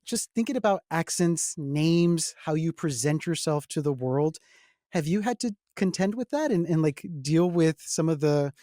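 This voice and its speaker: A man's voice: a little high, a little mellow, no room sound, clean studio sound. A young adult man from the Texas-Mexico border hosting a casual conversation, talking earnestly and reflectively and putting questions to his guests. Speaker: host.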